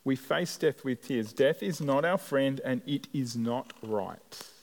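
A man preaching a sermon as a pastor, earnest and measured, with deliberate pauses. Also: medium pitch, vocal fry. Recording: long hall reverb.

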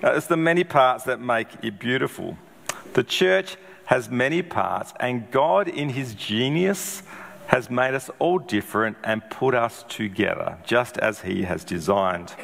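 A man's voice: medium pitch, lively intonation, a little slow, gravelly, a bit bright. A middle-aged man preaching a sermon in a conversational way, with rhetorical questions and frequent ums. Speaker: pastor. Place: church hall. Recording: long hall reverb.

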